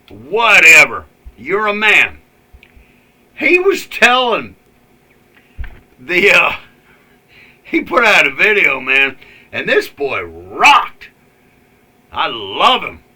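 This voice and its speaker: A man's voice: fairly high pitch, sharp tone. A man ranting angrily in a rambling, profane vlog with many fillers. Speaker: vlogger. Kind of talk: ranting political commentary.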